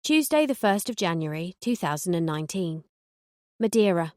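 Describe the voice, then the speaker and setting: A woman reading a first-person audiobook in a dry, sardonic, deadpan way. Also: lowish voice, moderate pace, no room sound. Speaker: audiobook narrator.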